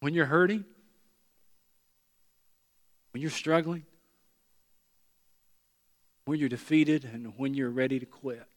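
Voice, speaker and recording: A man's voice: medium pitch, slow pace, long pauses, big-room sound. A man preaching a sermon to his congregation, earnest and emphatic, repeating key lines and calling the people to answer back. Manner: leads the congregation in call and response. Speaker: pastor. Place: church sanctuary before a congregation.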